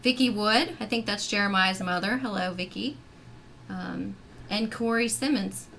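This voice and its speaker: A woman's voice: medium pitch, measured pace, vocal fry, a crowd in the background. A woman guest on a video call, talking about her acting in a chatty, rambling way full of fillers. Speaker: actress and filmmaker guest. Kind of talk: casual chat.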